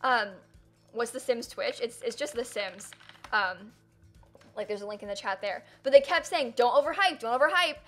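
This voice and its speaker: A woman's voice: fairly high pitch, normal speed, soft background music. A young woman streaming live, chatting casually and rambling with lots of fillers as she reads chat and thanks viewers.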